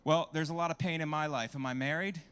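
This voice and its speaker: A man's voice: on the high side, fairly even intonation, quick pace, a bit bright, smooth. A man doing a stand-up comedy set on a club stage, brash and crowd-working, swearing freely into a handheld mic.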